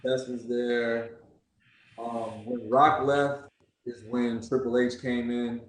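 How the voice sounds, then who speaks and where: Male panelist, mid pitch, teasing casual delivery, echoey recording. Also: level tone, slow pace, a little hiss or hum. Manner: teasing, hesitant with fillers. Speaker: podcast panelist. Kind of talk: casual chat. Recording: roomy echo.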